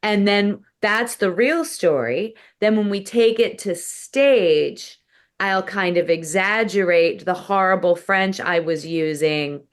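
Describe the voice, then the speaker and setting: A woman's voice: medium pitch, slow pace, clear, resonant tone. A woman comedian from the United States, telling stories as a guest in a casual interview. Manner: storytelling, animated.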